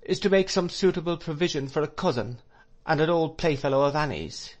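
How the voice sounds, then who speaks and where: A kindly, absent-minded elderly schoolmaster, put on by an audiobook reader who speaks mildly and haltingly, slipping in soft "uh"s. His voice lifts higher than the reader's own, with a gentle scholarly air. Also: lightly acted. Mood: puzzled. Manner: gentle, mild, hesitant with little "uh"s.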